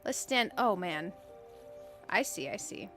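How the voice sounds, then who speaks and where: A woman's voice: medium pitch, animated, slow, fairly bright tone, soft background music. A woman streaming a game, chatting casually, giggling often and greeting viewers by name. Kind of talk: casual live-stream chat while playing.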